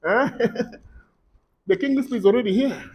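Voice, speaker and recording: High-pitched guy preaching, fervent, goes quiet then loud. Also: brisk, slightly rough. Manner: fervent, swings from quiet teaching to loud declarations. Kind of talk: sermon.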